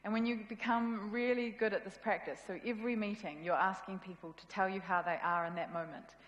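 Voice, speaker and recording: A woman's voice: mid-range voice, fairly even intonation, fairly quick, dull audio. A woman with a New Zealand accent giving a casual, self-deprecating conference talk. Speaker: conference speaker. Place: event hall. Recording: echoey hall with long reverb.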